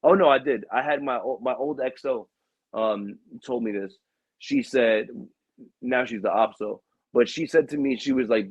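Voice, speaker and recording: Husky-voiced man telling a rowdy story. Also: normal speed, no echo, highs cut off. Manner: animated, profane, acts out quotes with raised pitch. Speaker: podcast host. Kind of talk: casual storytelling chat.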